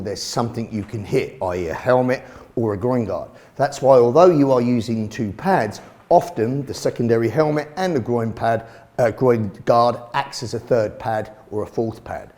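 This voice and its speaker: A man's voice: mid-range voice, dark tone. A man explaining a self-defence drill, blunt and casual, with the odd swear word. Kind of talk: instructional commentary.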